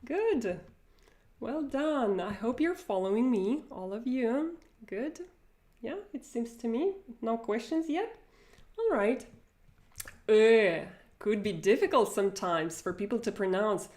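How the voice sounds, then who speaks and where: Slow-speaking woman teacher. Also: on the high side, expressive, a little mellow. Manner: demonstrates sounds, repeats and exaggerates them. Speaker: Russian pronunciation teacher. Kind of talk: online pronunciation lesson.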